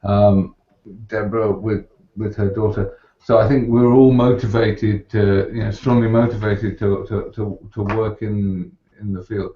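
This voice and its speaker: A middle-aged man with a low voice hosts a casual interview, his questions unhurried and level in pitch. His audio comes through a muffled online call line with a roomy echo. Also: little pitch movement. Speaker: host.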